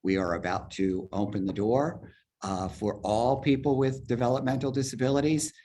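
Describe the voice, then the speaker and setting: A man heading an agency, walking a virtual public forum through budget figures step by step on a video call, talking fast and explaining as he goes. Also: medium pitch, steady tone, warm tone, slight background noise. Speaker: agency head presenting a budget. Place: virtual meeting, speaking from home or office.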